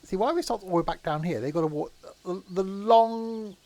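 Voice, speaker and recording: A man's voice: fairly high pitch, expressive, fast talker, a little mellow. A man chatting casually while live-streaming a train game, with joking asides.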